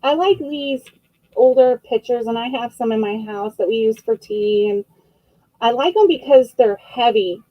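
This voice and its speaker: A woman hosting a live vintage auction stream, chatting casually as she describes each item, with frequent fillers and quick self-corrections. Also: on the high side, no room sound, highs cut off.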